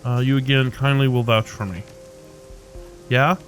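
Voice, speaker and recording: A man hosting a Let's Play, chatting casually in a relaxed way while playing and reading the game text aloud. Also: medium pitch, a little fast, soft background music. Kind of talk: casual gameplay commentary.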